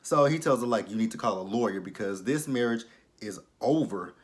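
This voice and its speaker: A man giving a blunt, profane, sassy casual recap of a TV episode, swinging between loud outbursts and low asides. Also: lively intonation, a little fast. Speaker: TV episode reviewer.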